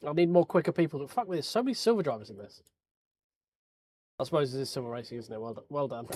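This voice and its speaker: Quick-paced and a little mellow, his mid-range voice carries a laid-back live-stream chat. Reviewing race replays from his sim racing, he jokes around with viewers and swears casually.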